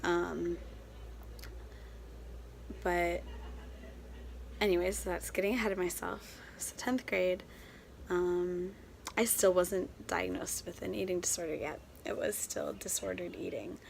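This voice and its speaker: A young woman vlogging casually with a hoarse voice left over from a cold, often pausing with ums and dropping to a near-whisper. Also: on the low side, slight background noise. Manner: many filler ums, soft drop to near-whisper at times. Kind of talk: casual vlog talk. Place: home in Seoul.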